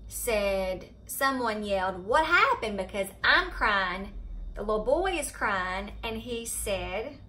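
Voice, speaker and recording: A middle-aged woman with a Southern US accent telling a story to her viewers in a chatty, animated way. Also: mid-range voice, takes it slowly, a little hiss or hum. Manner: chatty, animated retelling of a scary event. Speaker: vlogger. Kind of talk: casual storytelling to camera. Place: home, indoors.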